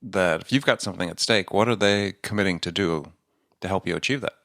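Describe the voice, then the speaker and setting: Podcast host dude, low voice, talks fast and bouncy, dry close sound. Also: male voice, vocal fry, fairly bright tone, dry recording. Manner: quick, probing questions. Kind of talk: interview questions.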